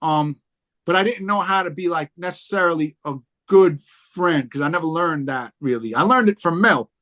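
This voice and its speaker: Guy, high voice, rambling sweary storytelling, lots of like and um. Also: normal speed, a bit bright. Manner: rambling, profane storytelling with many fillers. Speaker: podcast guest, rapper. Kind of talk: casual chat.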